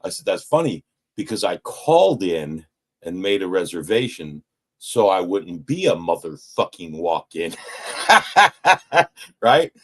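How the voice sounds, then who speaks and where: A man's voice: low voice, a little slow. A man telling a personal story in casual, profane speech, acting out what people said to him. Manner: profane, animated, retells with quoted voices. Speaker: person sharing at a recovery meeting.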